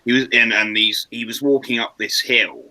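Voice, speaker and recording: A man's voice: medium pitch, fairly even intonation, normal speed, sharp tone, dry recording, low-quality recording. A man chatting on a livestream, mostly giving short agreeing replies and telling a hesitant story. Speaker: livestream co-host. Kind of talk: casual chat.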